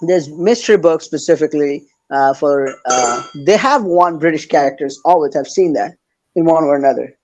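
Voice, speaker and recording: A man with a fairly high voice hosts a casual podcast chat. He is hesitant, stopping and restarting often. He stays eager and enthusiastic while he talks. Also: normal speed, background noise.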